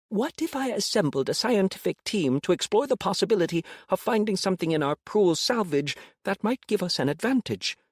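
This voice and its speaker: A man's voice: sits high, no room sound, clean studio sound, voice pushed up. A man voicing a small, eager male alien scientist who speaks in an earnest, hopeful, pleading way. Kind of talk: audiobook character voice.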